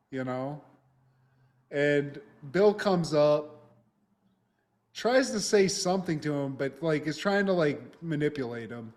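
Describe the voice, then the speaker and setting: A man's voice: on the high side, a little mellow. A man co-hosting a podcast, recapping TV scenes in casual, profane chat and laughing often. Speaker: podcast co-host.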